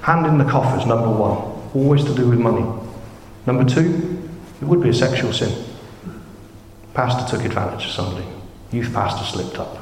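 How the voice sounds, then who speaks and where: A man in his thirties preaching a sermon, chatty and jokey, with sudden excited rises. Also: medium pitch, fairly quick, pauses often, a little hiss or hum. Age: 30s. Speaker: pastor. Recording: echoey hall, faint room ambience.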